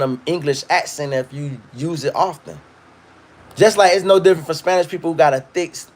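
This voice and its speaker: A man hosting a livestream, ranting in a loud, profane, rambling way and reading viewer comments. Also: on the high side. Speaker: livestream host. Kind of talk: casual livestream rant.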